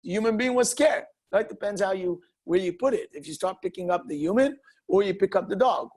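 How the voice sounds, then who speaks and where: A man, a rabbi, giving an informal walking Torah class to students, arguing his point by posing rhetorical questions and answering them, animated and full of restarts. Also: high voice, brisk.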